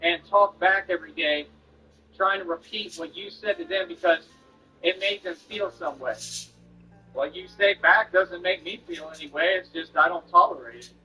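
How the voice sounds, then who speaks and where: A man with a high, bright, forceful voice lectures and boasts in a confrontational stream rant. He talks down to his critic without pause, over faint game music. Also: dull audio.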